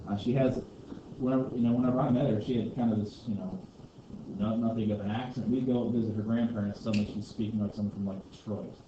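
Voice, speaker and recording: A man teaching a history class in a loose, rambling way, full of asides and fillers. He is picked up from across an echoey room, and the recording sounds dull and muffled with steady background noise. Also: lowish voice, quick pace, recorded from a distance. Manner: chatty, rambling, heavy on "you know" and "like". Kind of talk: classroom lecture with discussion. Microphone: distant room mic.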